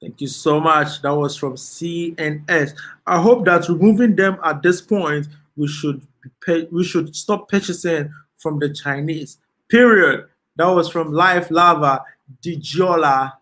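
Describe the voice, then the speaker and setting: Ghanaian male host, unhurried delivery, slightly raised pitch, relaxed live-stream chat. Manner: slow, relaxed, laughs often, slips into Ghanaian Pidgin. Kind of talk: casual live stream chat, reading comments.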